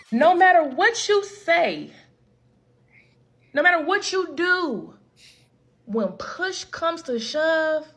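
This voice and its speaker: A woman's voice: sits high, fairly bright tone. A woman making a pointed statement in a social media video.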